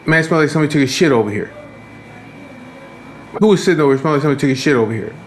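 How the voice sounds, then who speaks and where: A man's voice: a little high, lively intonation, rapid-fire, a little hiss or hum, pitched above the performer's own voice, close to an everyday voice. A man voicing a rude, demanding woman who curses and complains while pushing through a line. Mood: complaining. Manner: yelling, cursing, complaining.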